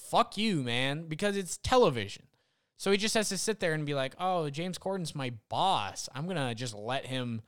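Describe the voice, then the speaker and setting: Young man, casual rant, rambling and profane, smooth resonant voice, dry close sound. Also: on the high side, fairly bright tone, no room sound.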